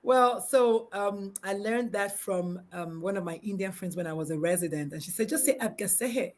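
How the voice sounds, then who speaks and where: A middle-aged woman hosting a live-streamed casual chat from her backyard, bubbly and animated, laughing often and restarting sentences. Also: mid-range voice, moderate pace. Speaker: talk show host. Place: backyard, outdoors.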